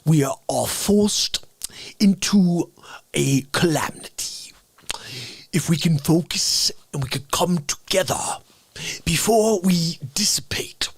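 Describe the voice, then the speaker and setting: A man playing a grave male British prime minister who gives a national address in a slow, breathy, half-whispered voice. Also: fairly high pitch, dry recording, heavily acted.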